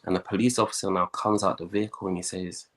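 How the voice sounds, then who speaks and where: Deep-voiced man telling his story. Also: fast talker. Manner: animated storyteller, acts out quoted voices. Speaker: guest.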